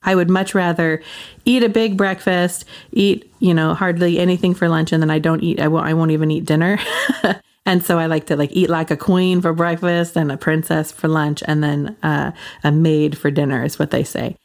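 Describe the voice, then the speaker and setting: A woman's voice: deep voice, steady tone, normal speed, darkish tone. A woman in her forties hosting a casual faith podcast, rambling with lots of fillers and frequent laughs. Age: 40s. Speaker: podcast host.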